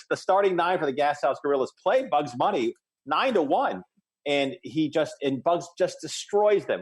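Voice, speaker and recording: A man in his thirties, a podcast co-host, chatting casually and eagerly retelling scenes, with many restarts. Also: medium pitch. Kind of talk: casual chat.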